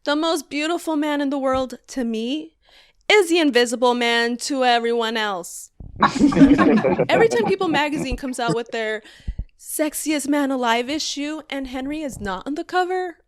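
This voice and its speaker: High-voiced woman doing stand-up. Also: normal speed. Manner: animated, exasperated, laughing between lines. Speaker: stand-up comedian. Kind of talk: stand-up comedy set. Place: virtual show over video call. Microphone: video call mic.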